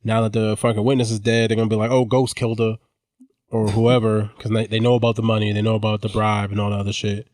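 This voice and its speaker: A man co-hosting a podcast, walking through plot points in relaxed, slangy talk with plenty of swearing. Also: lowish voice, quick pace, no echo, clean studio sound. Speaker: podcast co-host. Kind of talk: casual chat recapping a TV show.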